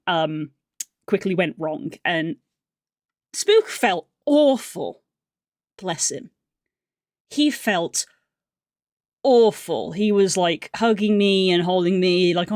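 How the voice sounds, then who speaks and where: A woman's voice: on the low side, no room sound, clean studio sound. A young woman livestreamer telling a casual story on stream, rambling and chatty with lots of fillers and restarts.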